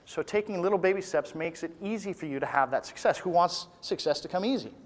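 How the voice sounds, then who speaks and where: A man giving an energetic, joking motivational talk at a live business seminar, rallying the audience into chants. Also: high-pitched, quick pace. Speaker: motivational speaker at a business event. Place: large conference room with live audience. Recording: reverberant hall with crowd. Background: audience responses and applause.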